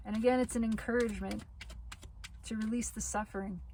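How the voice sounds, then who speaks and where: A woman's voice: on the high side, steady tone, warm tone, low-quality recording. A woman reading tarot cards for her viewers, drawing out each phrase and circling back to the same words to reassure them. Her voice sounds worn, as if she is losing it. A faint hiss of noise sits under the recording. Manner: slow, repetitive, reassuring phrasing. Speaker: tarot reader. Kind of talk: spiritual tarot reading monologue.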